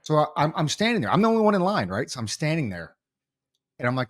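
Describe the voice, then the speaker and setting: A man co-hosting a podcast, telling a story in casual chat, animated and full of restarts. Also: lowish voice, quick pace. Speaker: podcast co-host.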